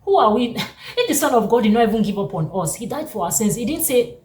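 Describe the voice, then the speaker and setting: A woman delivers a fervent, preaching-style pep talk with a higher-pitched voice. She sounds a little distant from the mic, in an echoey room with faint noise underneath. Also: brisk. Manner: animated, exhorting, repeats phrases for emphasis. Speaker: Christian motivational speaker.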